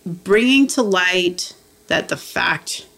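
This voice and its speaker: A woman speaks in a low register with a gravelly edge. She tells her story earnestly and is close to tears, filling pauses with casual asides. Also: animated, fairly bright tone. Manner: earnest, frequent "you know" and "like" fillers. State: moved, near tears. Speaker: activist guest. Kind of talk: heartfelt storytelling in conversation.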